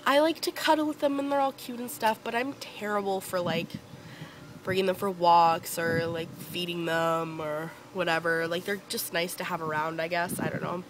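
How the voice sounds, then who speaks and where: A woman's voice: fairly low pitch, steady tone, normal speed, a little hiss or hum, poor audio. A young woman from Northern Ontario chatting casually to camera outdoors, with lots of fillers and a giggly, rambling way of telling stories. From Northern Ontario, Canada. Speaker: beauty vlogger.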